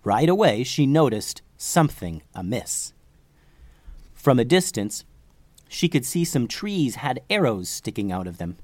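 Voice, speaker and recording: Slow, lively man telling kids' stories. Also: no room sound. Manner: expressive, hushes low for tense moments. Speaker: children's story podcast host. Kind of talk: storytelling for kids.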